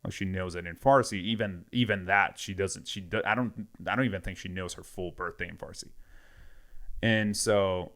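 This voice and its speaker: A man's voice: low-pitched, moderate pace. A man casually retelling a story with lots of quoted back-and-forth. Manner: animated retelling with many quoted exchanges.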